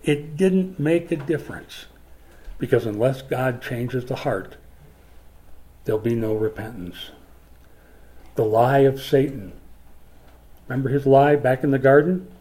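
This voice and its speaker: A man from Minnesota preaching a sermon as a pastor, emphatic and swinging from forceful lines to hushed ones. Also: mid-range voice, unhurried, long pauses. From Minnesota, USA.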